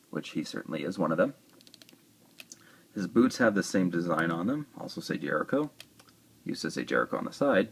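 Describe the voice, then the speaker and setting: A man's voice: sits low, husky. A man casually reviewing a toy, chatty and rambling, with joking asides.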